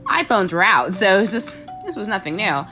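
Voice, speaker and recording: A woman's voice: mid-range voice, brisk, over music. A young woman casually telling a funny dating story, acting out the voices in the quotes. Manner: animated, acts out voices in quotes, frequent laughs.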